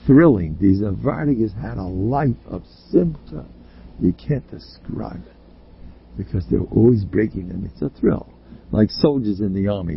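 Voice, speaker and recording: A man, a rabbi, delivering a blunt and emphatic Torah lecture full of rhetorical questions, often pushing up into high exclamations. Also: animated, unhurried, gravelly, slight background noise. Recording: slightly dull, lo-fi recording.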